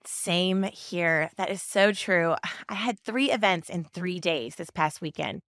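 A woman's voice: lowish voice, takes it slowly, a bit bright, no echo, studio quality. A woman hosting a podcast, upbeat as she chats with her guest. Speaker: podcast host. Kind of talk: casual interview chat.

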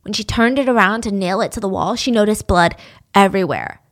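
A woman's voice: medium pitch, a little fast. A young woman telling a true-crime story casually, with chatty, sarcastic asides.

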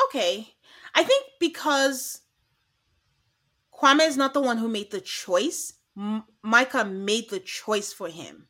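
A woman with a bright, fairly high voice recaps a reality show on a podcast. She talks casually and keeps jumping into little impressions of the cast as she goes. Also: takes it slowly. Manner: animated, acts out quotes from the show. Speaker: podcast co-host.

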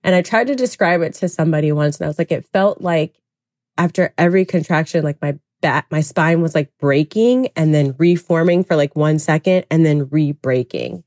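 A woman's voice: low-pitched, moderate pace, darkish tone, no echo, clean studio sound. A woman guest on a podcast, telling her own story in a candid, reflective way, with lots of "like" fillers. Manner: candid, reflective, heavy use of "like". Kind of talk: personal storytelling in a podcast interview.

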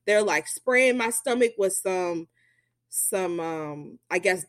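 A woman's voice: lowish voice, animated, slow, no room sound, studio quality. A young adult woman telling a personal story in a chatty way, full of fillers, who acts out the voices of the people she quotes.

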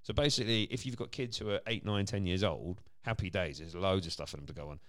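A man's voice: low-pitched, no room sound, clean studio sound. A man, co-hosting a podcast as a dad in casual chat, laughing often. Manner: animated, quick, laughs often.

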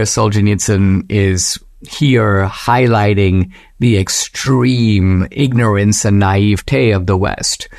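Measured male commentator with dry, close sound. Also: vocal fry, no room sound. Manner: measured, reflective delivery with slow emphatic phrases; mimics a Western voice when reading quotes, rising high. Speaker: podcast host. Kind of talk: commentary reading quoted passages.

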